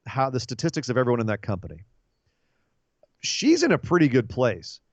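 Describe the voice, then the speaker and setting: A man's voice: medium pitch, a little fast, no echo, dull audio. A man co-hosting a casual wrestling podcast, rambling and joking with lots of fillers. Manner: rambling, jokey, animated. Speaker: podcast co-host.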